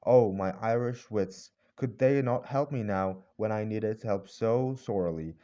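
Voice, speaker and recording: A man narrating a classic novel as an audiobook in measured storytelling. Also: fairly low pitch, mellow, dull audio. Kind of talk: scripted narration.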